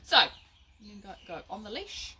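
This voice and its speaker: Unhurried and bright, her mid-range voice swings widely in pitch and carries a forceful edge, with a little hiss or hum underneath. She laughs at her slips and keeps restarting during a loose dog-training lesson streamed live. She's captured by a phone or camera not far away.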